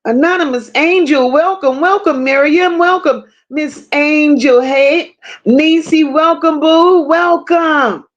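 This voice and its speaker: Woman livestream host, high voice, slow unhurried talk, casual affectionate greetings, salty language. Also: dull audio. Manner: reads chat names aloud, affectionate slang and swearing.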